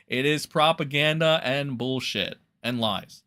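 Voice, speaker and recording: A young man streaming, ranting angrily and profanely, mocking others in sarcastic high voices. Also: lively intonation, a little slow, pushed and bright, no echo, clean studio sound. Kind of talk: angry rant reacting to clips.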